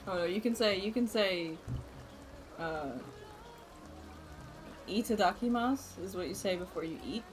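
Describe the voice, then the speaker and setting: A woman's voice: medium pitch, unhurried, long pauses, music in the background. A young woman game streamer chatting casually with her live chat and laughing often between lines. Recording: noisy room ambience.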